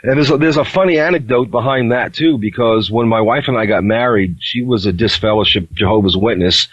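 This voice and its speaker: A middle-aged man from New York telling his life story as a podcast guest in a wry, unhurried way. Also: on the low side, a bit bright, breathy edge, no echo. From New York, USA. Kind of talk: casual storytelling interview. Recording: dull, lo-fi line.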